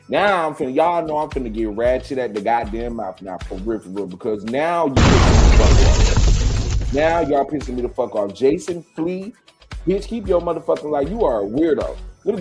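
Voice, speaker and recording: A man's voice: medium pitch, dark tone. A man hosting a live gossip stream, ranting in heated, profane commentary straight to his viewers.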